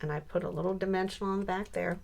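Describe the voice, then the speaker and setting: Animated grandmother in her sixties. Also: on the low side, very fast, gravelly. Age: 60s. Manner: animated storyteller who builds to punchlines. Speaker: scrapbooking crafter. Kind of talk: casual storytelling while crafting.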